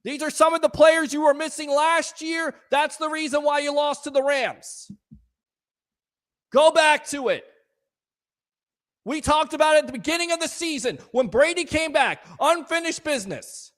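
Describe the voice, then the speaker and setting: A man hosting a live call-in sports talk show, ranting in a fired-up, sarcastic way and shouting at times. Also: very high-pitched, expressive, normal speed. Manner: sarcastic, scolding critics.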